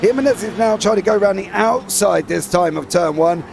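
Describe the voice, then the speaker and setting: Gravelly high-voiced racing co-commentator. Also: male voice, a little fast, a little mellow, slight background noise. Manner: casual, rambling analysis. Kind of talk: sim racing color commentary.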